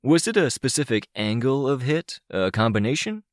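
A man's voice: mid-range voice, very animated, normal speed, no echo, clean studio sound, voice pushed up, lightly acted. A man reading an audiobook, voicing an eager young man who talks in a playful, wordy way.

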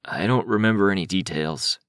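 A man voicing a gentle, self-deprecating teenage boy who talks casually in an audiobook. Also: low-pitched, brisk, clear, resonant tone, no room sound, studio quality.

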